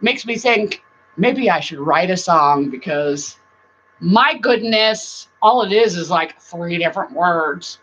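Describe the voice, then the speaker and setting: A middle-aged woman hosting a casual live-stream chat, rambling warmly, laughing often and now and then breaking into song. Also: on the low side, expressive, slow pace, husky. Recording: dull lo-fi sound with faint noise.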